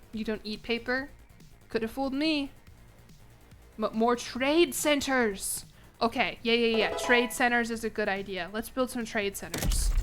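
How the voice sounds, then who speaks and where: A woman's voice: a little high, a bit bright. A young woman streaming a strategy game, chatting casually with viewers in a sarcastic, swearing manner. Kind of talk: casual gameplay livestream chat.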